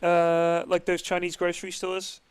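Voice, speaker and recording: A man with a notably high speaking voice casts a video game match in a loose, chatty way. He jokes around and swears freely, as if among friends. The sound is dry and close, with no room around it. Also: monotone, normal speed, clean tone, no room sound. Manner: chatty, profane and joking. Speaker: esports caster. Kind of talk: casual game commentary.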